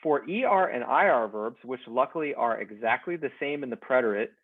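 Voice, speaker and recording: A man teaching a Spanish class, explaining verb endings in a slow, deliberate way and leading repeat-after-me drills. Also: mid-range voice, lively intonation, husky, no echo. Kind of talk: recorded class lecture. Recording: dry, phone-like narrow sound.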